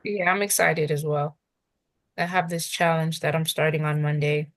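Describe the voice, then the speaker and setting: A woman co-hosting a podcast, chiming in often with short affirmations in a casual chat. Her voice is fairly low for a woman. The sound is dry and close. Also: flat delivery, moderate pace, no echo. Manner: short affirming interjections like "Amen" and "sheesh". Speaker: podcast co-host.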